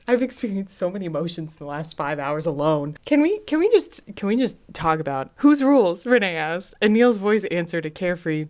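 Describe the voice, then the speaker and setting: A young woman vlogging her live reaction to a book late at night. She is keyed up and excitable, swears freely, and drops between loud exclamations and hushed whispers. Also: on the low side, fast talker, hardly any pauses.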